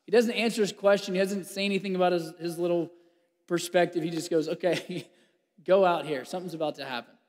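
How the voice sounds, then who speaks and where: A man delivers a sermon in a lively, fairly high voice. He acts out the scripture with humor and laughter, then drops to a near-whisper for the quiet moments. His voice rings out with a long reverb, as in a large hall. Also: brisk. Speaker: pastor.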